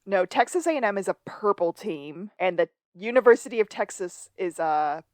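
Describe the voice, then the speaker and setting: On a dry recording, a woman with a medium-pitched, animated voice talks at a normal speed. She co-hosts a podcast and chattily recaps a TV episode in a casual rewatch chat, recounting scenes with playful asides.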